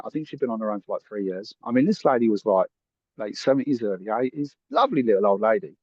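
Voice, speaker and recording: A man's voice: on the low side, big pitch swings, fast talker, slightly rough, no echo, dull audio. A man, a podcast guest telling a story in a chatty, earnest way and acting out the voices of the people in it. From England. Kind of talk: casual storytelling.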